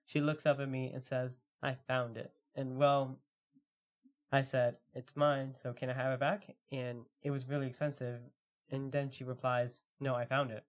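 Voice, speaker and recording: A man co-hosting a podcast, chatting casually and reading stories aloud at a slow, relaxed pace with lots of fillers. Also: medium pitch. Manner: relaxed, filler-heavy, reads stories slowly. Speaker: podcast co-host.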